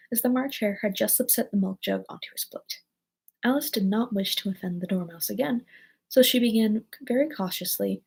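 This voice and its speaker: Gravelly, husky woman reading a storybook. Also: mid-range voice, darkish tone, poor audio. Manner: casual reading, slips and corrects lines. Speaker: reader. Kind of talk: storybook read-aloud.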